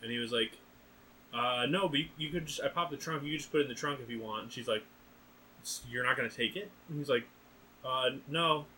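A young man hosting a podcast, casually telling an animated story, acting out other people's lines and laughing often. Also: medium pitch, brisk, a little hiss or hum, rough recording. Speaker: podcast host.

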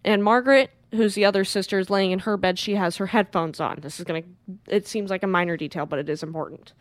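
A woman co-hosting a podcast, retelling a movie in lively casual chat and acting out the characters. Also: mid-range voice, quick pace, no echo. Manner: animated retelling, acts out characters, swears freely. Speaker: podcast co-host. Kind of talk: casual film recap.

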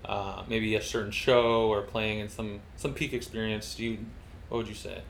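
A man's voice: lowish voice, flat delivery, normal speed, gravelly, a little hiss or hum. A man interviewing a guest, asking curious questions in an easygoing, casual way.

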